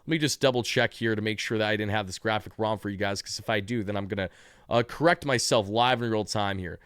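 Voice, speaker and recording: A man's voice: on the low side, fast talker, fairly bright tone, clean tone, no echo, clean studio sound. A man hosting a sports channel, giving opinionated commentary in a conversational way and correcting himself mid-sentence.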